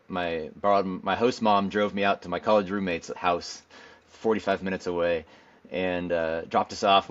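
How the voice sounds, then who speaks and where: Low-voiced man telling a story casually. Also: highs cut off. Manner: rambling, filler-heavy, acts out quoted dialogue. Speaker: podcast guest, former pro pitcher.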